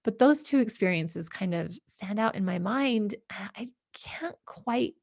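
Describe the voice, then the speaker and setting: A woman hosting a podcast, telling a personal story in a reflective, halting way with many fillers and restarts. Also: mid-range voice, lively intonation, creaky, darkish tone, dry recording, clean studio sound. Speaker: podcast host.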